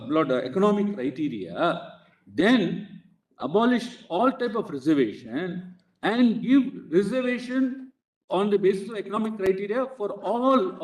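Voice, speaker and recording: A man with an Indian English accent arguing formally before a court bench, insistently addressing the judges as "Lord" in almost every phrase. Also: high voice. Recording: echoey courtroom, speaker far from mic.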